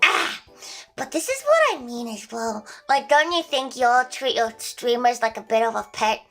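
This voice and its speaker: A young woman chats with her livestream viewers in a high, bouncy voice. She is playful and chaotic, with teasing crude jokes, and faint music plays behind her. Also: lively intonation, normal speed, a bit bright. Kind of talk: casual livestream chat.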